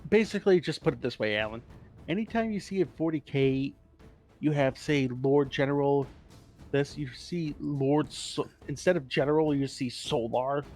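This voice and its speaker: A man's voice: fairly high pitch, moderate pace, a little mellow, faint music behind. A man co-hosting a casual podcast, explaining game lore in a rambling, profane way and correcting himself as he goes.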